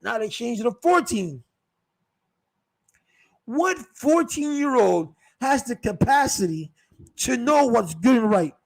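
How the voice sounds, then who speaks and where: A man's voice: very high-pitched, sing-song, takes it slowly, vocal fry, long pauses. A man ranting casually in a vlog, sarcastic, mocking other people's views with raised voices. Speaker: vlogger. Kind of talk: casual opinion rant. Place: North Carolina.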